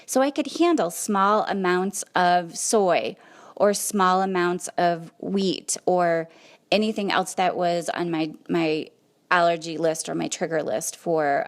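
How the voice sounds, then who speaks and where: A woman hosting a podcast, telling a personal story in a conversational, animated way. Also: on the low side. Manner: conversational, animated retelling with quoted asides. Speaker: podcast host.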